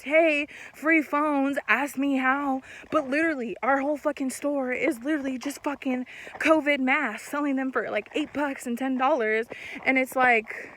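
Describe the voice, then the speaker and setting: A young woman in casual storytime talk, animated and swearing, acting out what people said. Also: high voice. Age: young adult. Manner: animated, swearing, laughs mid-story, acts out quotes. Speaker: vlogger.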